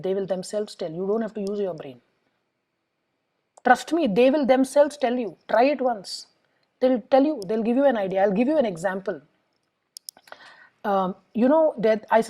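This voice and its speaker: A warm, medium-pitched voice at a moderate pace belongs to this middle-aged Indian English-accented psychologist, who lectures parents on emotions step by step and illustrates with the acted-out words of children and clients. Recording quality is low.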